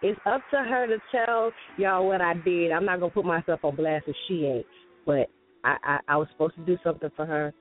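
A woman's voice: lowish voice, fairly quick. A woman co-hosting a casual morning show, speaking earnestly and laughing easily. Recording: tinny phone-like sound with faint music.

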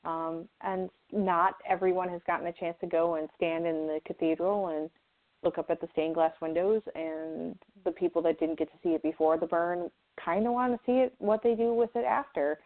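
A woman's voice: on the low side, fairly even intonation, normal speed. A woman co-hosting a casual news chat show, thoughtful and hesitant, with many fillers. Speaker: co-host. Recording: tinny phone-like line.

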